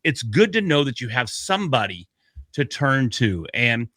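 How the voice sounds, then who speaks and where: A man co-hosting a casual podcast, his voice bright and forceful. He talks in an upbeat, motivational way and jokes with his co-host, recorded close and dry with no room sound. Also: mid-range voice, big pitch swings, normal speed, no room sound.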